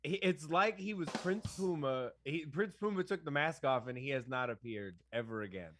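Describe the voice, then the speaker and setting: Excitable young man talking wrestling. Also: a little high, moderate pace, slight background noise. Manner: excitable, laughs often. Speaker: co-host. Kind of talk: casual wrestling chat.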